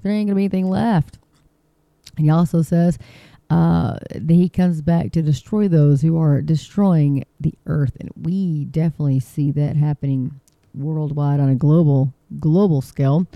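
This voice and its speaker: An online video host with a low-pitched voice reads a news article aloud on her own channel, offering casual commentary. She ums, restarts and throws in indignant asides, and the recording is muffled with no room sound.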